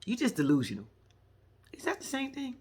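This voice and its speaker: Sassy animated woman recapping reality TV. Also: fairly high pitch, fairly quick, breathy edge. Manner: sassy, animated storytelling with acted-out quotes and laughs. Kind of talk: casual reality show recap.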